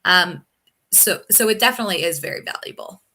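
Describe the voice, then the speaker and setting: A woman's voice: fairly low pitch, lively intonation, a little fast, sharp tone. A young woman, a technical recruiter, chatting on a live video call interview with lots of ums and you-knows. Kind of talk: casual live-stream interview.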